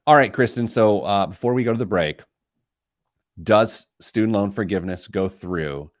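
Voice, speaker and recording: A man's voice: on the low side, moderate pace, no echo, studio quality. A middle-aged man hosting a radio show, chatting casually in a rambling, self-deprecating way. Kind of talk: casual chat.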